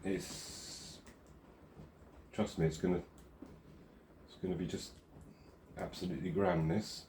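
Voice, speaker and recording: A man's voice: low voice, level tone, slow, dark tone, a little hiss or hum. A man vlogging casually while building model railway scenery outdoors. He rambles, self-deprecating and chatty, with the odd curse. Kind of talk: casual hands-on craft commentary.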